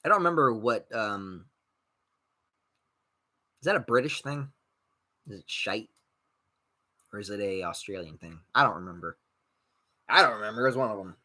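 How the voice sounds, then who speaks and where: A man's voice: on the low side, normal speed, long pauses. A young man hosting a podcast, chatting casually and bluntly, swearing often and mocking people he disagrees with. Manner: blunt, profane, animated, mocks others in put-on voices. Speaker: podcast host reading live chat. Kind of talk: casual rambling chat.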